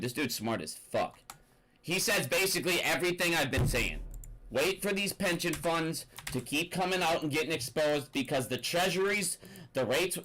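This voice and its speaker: A man's voice: fairly high pitch, pushed and bright, rough recording. Angry, profane man ranting. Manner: angry, profane, rambling rant. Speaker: finance commentator. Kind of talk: ranting commentary.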